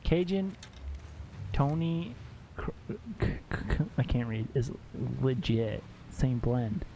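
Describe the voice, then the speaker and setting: A man live-streaming a game and chatting casually with viewers, excitable, laughing often and swearing when surprised. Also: mid-range voice, slow pace, slight background noise. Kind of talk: casual gameplay commentary to chat. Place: at home.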